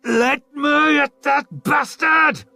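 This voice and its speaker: Man putting on a savage young warrior, snarling, shouting, high strained pitch, husky. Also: takes it slowly, no room sound, faint music behind, full character voice. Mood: yelling. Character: savage young male warrior, bloodthirsty braggart.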